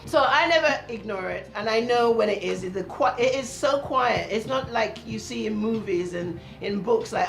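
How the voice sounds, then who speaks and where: A woman talks to camera in a casual vlog and tells an earnest personal story. She drops her voice quietly whenever she quotes her inner voice. The room gives off a noticeable echo, with faint music underneath. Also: a little high, moderate pace, creaky, few pauses. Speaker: vlogger.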